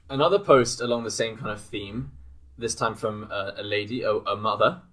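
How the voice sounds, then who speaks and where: A man's voice: on the low side, moderate pace, fairly bright tone, a little hiss or hum. A young British man co-hosting a comedy podcast, chatting casually and playfully reading out social media posts. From Britain. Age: young adult. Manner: playful, reads posts aloud with mock voices. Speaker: podcast co-host.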